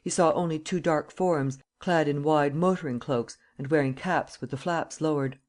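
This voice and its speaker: A man narrating a classic novel as an audiobook in a steady, measured reading style. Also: fairly high pitch. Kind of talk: scripted narration.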